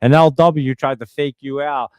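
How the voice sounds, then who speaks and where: A man hosting a live stream, talking through the market in a loose, joking, off-the-cuff way and answering his chat. His voice is smooth and clean, at a middling pitch. The sound is dry and close, with no room echo. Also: steady tone, moderate pace, a little mellow. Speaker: livestream host. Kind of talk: casual live market commentary reading chat.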